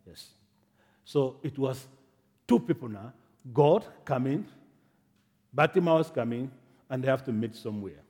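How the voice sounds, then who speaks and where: A man preaching a sermon, from Africa, telling the story dramatically, swinging from hushed to shouting. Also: mid-range voice, lively intonation, measured pace, long pauses, in a large hall. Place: church in America.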